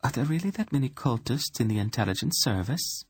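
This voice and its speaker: A man voicing a soft-spoken young queen who asks gentle, thoughtful questions. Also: medium pitch, expressive, brisk, husky, no echo, pitched above the performer's own voice. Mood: concerned.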